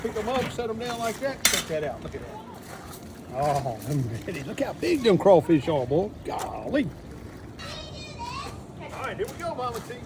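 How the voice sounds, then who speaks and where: A man's voice: high-pitched, very animated, normal speed, pauses often. A man, talking viewers through a crawfish boil outdoors in a folksy, step-by-step way. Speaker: cook showing a crawfish boil. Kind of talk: casual cooking demonstration. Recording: loud outdoor noise.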